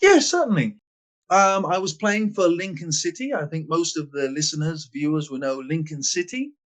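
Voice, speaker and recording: A man in his sixties from England, a guest in a podcast interview, telling stories with emphatic stress and quiet asides. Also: a little high, expressive, moderate pace. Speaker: guest, former footballer. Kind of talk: animated storytelling in a podcast interview.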